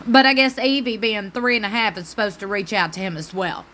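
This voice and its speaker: A woman's voice: mid-range voice, fairly even intonation, brisk, pushed and bright. Sassy Southern woman recapping TV. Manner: sassy, talks back to the screen, preacher-like asides. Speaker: TV recap host. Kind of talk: casual reality-TV recap commentary.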